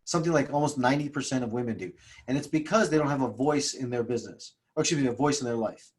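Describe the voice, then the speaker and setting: A man's voice: mid-range voice, fast talker. A man telling stories in a casual interview, emphatic and often repeating himself. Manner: emphatic, repetitive, restarts often. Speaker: guest speaker, trauma coach.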